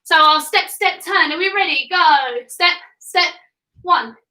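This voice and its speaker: A woman's voice: extremely high pitch, slow, sharp tone, reverberant, recorded from a distance, low-quality recording. A young woman coaching a live home workout for children, upbeat and encouraging as she counts reps and gets a little out of breath. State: getting out of breath. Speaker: kids fitness coach. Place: home room.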